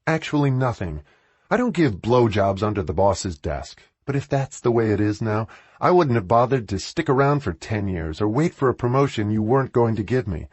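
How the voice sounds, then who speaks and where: A man voicing a sharp, sarcastic woman who is angry with her boss in an audiobook, speaking in a raised voice. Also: fairly low pitch, lively intonation, normal speed, husky, dry recording, highs cut off. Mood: furious sarcastic. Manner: biting, sarcastic delivery.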